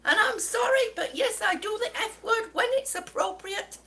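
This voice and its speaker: A woman's voice: very high voice, expressive, moderate pace, noisy background. A woman telling an exasperated story to her viewers, stumbling over her words and short of breath. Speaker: vlogger. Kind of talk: ranting story to camera.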